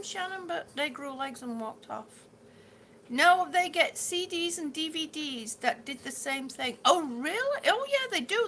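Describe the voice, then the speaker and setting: A woman's voice: very high voice, pushed and bright, a little hiss or hum. A middle-aged woman hosting a live stream, chatting casually with viewers, repeating herself and stumbling over words with good humor. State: ringing in the ears, yawning, hungry. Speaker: livestream host reading viewer comments.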